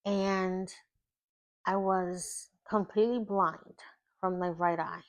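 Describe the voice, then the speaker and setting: A woman's voice: on the low side, steady tone, slow. A woman life coach telling her personal testimony in an earnest, emotional way, often repeating words for emphasis. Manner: earnest, emotional storytelling with repetition.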